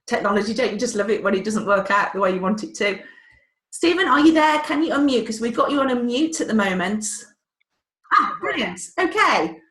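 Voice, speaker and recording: A woman's voice: medium pitch, expressive, brisk, fairly bright tone, roomy sound. A woman hosting a live webinar, chatty and a little flustered by the technology. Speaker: webinar host.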